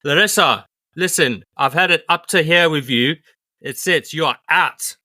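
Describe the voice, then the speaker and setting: A fed-up South African boss, put on by a man who barks curt, clipped orders in a bright, forceful voice. His tone is sharp, and the sound is dry and close. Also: a little high, a little slow, no echo. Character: exasperated South African male gym boss.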